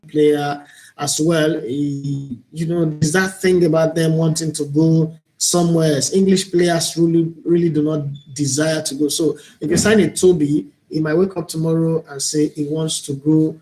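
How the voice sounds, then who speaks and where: A man's voice: fairly high pitch, flat delivery, moderate pace, mellow. A man with a Nigerian accent hosting a live-streamed talk show, speaking in an earnest, opinionated, reflective way. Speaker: host and broadcaster.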